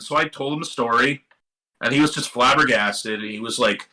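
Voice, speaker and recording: A middle-aged man from Seattle, a guest musician telling a long story in a casual, animated interview, swearing now and then and acting out what other people said. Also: medium pitch, a little fast, rough recording. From Seattle area. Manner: animated, swearing, quotes others in lively voices. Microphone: live stream microphone.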